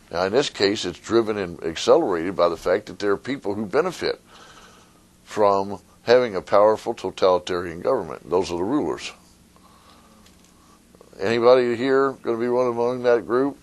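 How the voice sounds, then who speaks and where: Man, attorney, lowish voice, conversational public talk, lively when telling stories. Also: moderate pace. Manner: conversational, retells a fable with rising animated voices. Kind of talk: public talk to a live audience. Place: meeting room with an audience.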